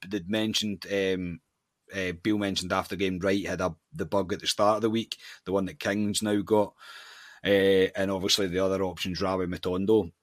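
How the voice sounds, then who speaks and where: A man's voice: sits low, a bit bright, no room sound. A man with a Scottish accent, co-hosting a podcast and giving opinionated football talk in a casual chat, often restarting his sentences. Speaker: podcast co-host.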